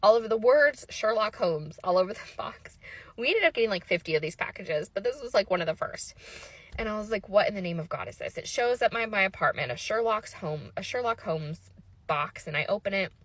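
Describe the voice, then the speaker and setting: A woman telling her own story in a casual storytime monologue, animated and exasperated, swearing freely and laughing at the absurd parts. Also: mid-range voice, fairly quick, no room sound.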